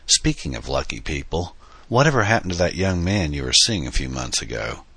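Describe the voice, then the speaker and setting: A man's voice: extremely low pitch, big pitch swings, fairly quick, pushed and bright, husky, dry recording, full character voice. A man doing a fond, fatherly older uncle. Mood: genial. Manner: genial, fatherly, teasing. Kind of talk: audiobook dialogue.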